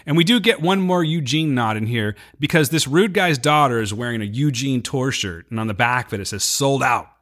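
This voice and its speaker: Animated man recapping a show. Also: medium pitch, fairly quick, hardly any pauses. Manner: animated retelling, acts out quotes. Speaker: podcast co-host. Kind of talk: casual recap chat.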